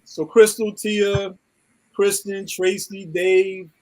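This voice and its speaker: A man's voice: sits high, level tone, slow pace, darkish tone, low-quality recording. A man hosting a casual live talk show, teasing and playful as he wraps things up. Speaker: host.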